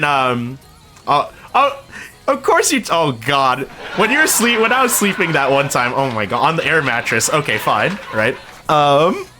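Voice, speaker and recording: A young man streaming, telling a long story in a casual, rambling way, swearing freely and laughing as he goes. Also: on the high side.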